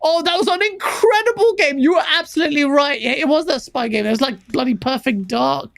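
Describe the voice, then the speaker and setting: Gravelly man, dry close sound. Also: extremely high pitch, a little fast, fairly bright tone, no room sound. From London. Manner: laughs often, enthusiastic. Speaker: podcast co-host. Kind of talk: casual podcast chat.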